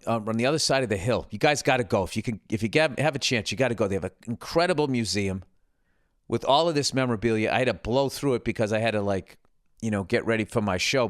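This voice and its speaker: A man's voice: medium pitch, a bit bright, no room sound, studio quality. A middle-aged man hosting a podcast, delivering a profane, digressive, self-mocking comedic monologue. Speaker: podcast host. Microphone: podcast studio mic.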